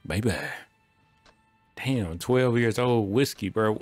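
Low-voiced young man joking through gameplay. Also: measured pace, a little mellow, faint music behind. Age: young adult. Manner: loose slangy running banter. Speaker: gaming streamer. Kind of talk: casual gameplay commentary.

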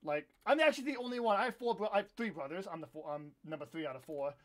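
A young American man in his twenties live-streaming a game, chatting casually with viewers in a rambling, self-correcting way with excitable bursts. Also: high voice, fast. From United States. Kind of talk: casual live-stream chat while gaming.

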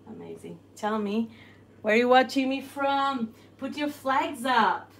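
A woman's voice: high voice, expressive, unhurried, reverberant. A woman hosting a live cooking stream from her home kitchen, bubbly and greeting viewers as she cooks. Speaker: cooking channel host. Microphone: phone.

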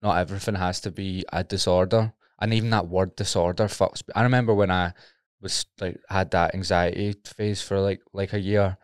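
A man's voice: low voice, fairly even intonation, moderate pace, clear, resonant tone, no room sound, studio quality. A Scottish man hosting a podcast, telling stories in a laid-back, casual way. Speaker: podcast host.

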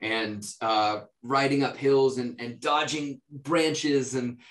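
A man from the United States talks easily as an interviewed actor, wandering through his answers with ums and restarts. His voice sits at a middle pitch and carries a roomy echo. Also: takes it slowly. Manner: relaxed, rambling, lots of fillers and restarts.

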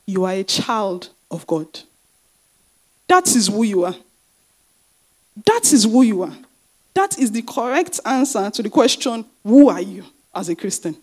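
A woman's voice: mid-range voice, sing-song, measured pace, pauses often. A woman pastor preaching a sermon, repeating her key phrases for emphasis and asking the congregation rhetorical questions.

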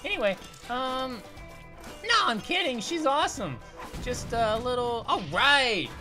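A woman voicing a bubbly young female grape who hosts animated let's-play commentary, giggling, making puns and yelping at danger, over faint music. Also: fairly high pitch, unhurried. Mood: excitable. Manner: giggly, punny, yelps at danger. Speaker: host of gaming videos.

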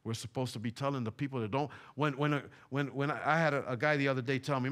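A man's voice: medium pitch, fairly even intonation, fast talker, hardly any pauses, a bit bright. A middle-aged man from Puerto Rico, preaching a fervent sermon in a church, repeating his points with emphasis. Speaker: pastor. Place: church sanctuary.

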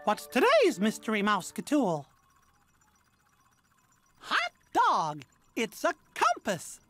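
A woman's voice: fairly high pitch, huge pitch swings, slow pace, fairly bright tone, no echo, heavily acted. Mickey Mouse, upbeat woman-voiced cartoon mouse. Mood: cheerful. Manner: upbeat, coaxing the audience to call out. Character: cheerful young male cartoon mouse, upbeat leader. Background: background music.

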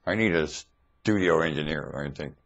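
A man talking straight into his webcam mic in a monologue rant, swinging between loud emphatic outbursts and low muttering. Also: normal speed, muffled recording.

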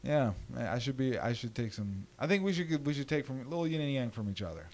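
A man's voice: mid-range voice, very animated. A man co-hosting a podcast, chatting casually, teasing and swearing. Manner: fast-talking, teasing, swearing.

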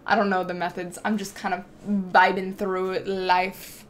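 Live-streaming a game, this young woman bantters casually with her chat, excitable and cursing freely as she answers them. She has a mid-range voice, speaks unhurriedly, and there's slight background noise.

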